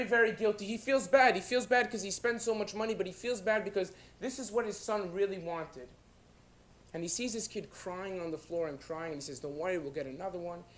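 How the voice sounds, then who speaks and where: A man giving a guest class in a synagogue study hall, telling a dramatic story in short, emphatic phrases with pauses. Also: high-pitched, a bit bright. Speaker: guest lecturer.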